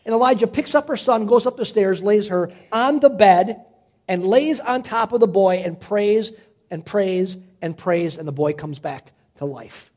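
A man preaching, dramatically retelling a Bible story, swinging from loud to hushed. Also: high-pitched, measured pace. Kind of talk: animated Bible storytelling sermon.

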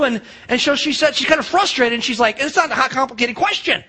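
A man's voice: very high voice, expressive, fast talker, few pauses, sharp tone, slightly rough. A man preaching a sermon as pastor, telling a story in a chatty way with fillers and restarts.

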